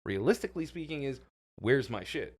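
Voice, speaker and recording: A man, co-hosting a podcast in casual banter, telling animated stories, swearing freely and laughing often. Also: mid-range voice, fairly quick, slightly rough. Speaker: podcast co-host.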